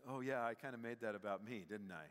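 Speaking fast in a medium-pitched, slightly bright voice, a pastor delivers a sermon with lots of fillers in a conversational style, rising to emphatic peaks. The church sanctuary gives the recording a long hall reverb.

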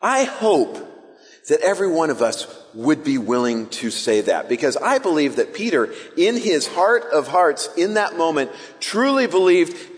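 Animated young preacher in an echoey hall. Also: male voice, on the high side, a little slow. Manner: animated, acts out the disciples' voices. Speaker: pastor. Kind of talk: sermon.

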